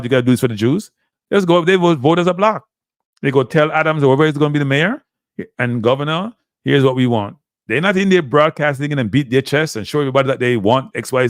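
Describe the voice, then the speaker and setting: A man talks in loose, animated live commentary. He keeps addressing his viewers as "people" and repeats his points. His medium-pitched voice is recorded close and dry, with no room sound. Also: dry recording. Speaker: livestream host.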